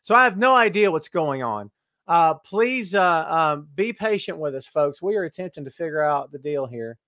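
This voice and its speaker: A man's voice: fairly high pitch, animated, moderate pace, bright, forceful tone, dry recording, studio quality. A middle-aged man hosting a live-streamed wrestling podcast, joking and teasing as he greets viewers by name. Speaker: podcast host. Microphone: webcam live stream.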